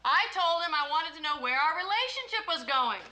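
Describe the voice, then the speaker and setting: An actress in a TV drama clip, exasperated and sharp-tongued, over noisy audio. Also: female voice, sits high, expressive, a little fast.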